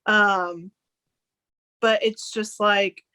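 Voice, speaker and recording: A woman's voice: medium pitch, steady tone, extremely slow, pushed and bright, clean tone. Earnest young woman guest on a podcast. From Arkansas, United States. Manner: earnest, with frequent "like" and "um" fillers. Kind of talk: casual interview conversation.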